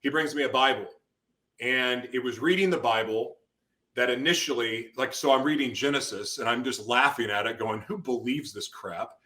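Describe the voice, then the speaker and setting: Bright-voiced man telling an intense story. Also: medium pitch, normal speed. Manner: intense, emotional storytelling with sudden loud outbursts. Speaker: guest. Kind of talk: personal testimony in interview.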